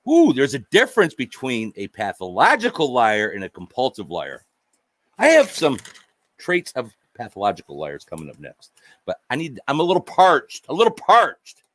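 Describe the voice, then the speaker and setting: A man's voice: medium pitch, huge pitch swings, moderate pace, a bit bright, dry recording. A man vlogging a sarcastic, profane monologue, mockingly addressing an unseen "sir" over and over.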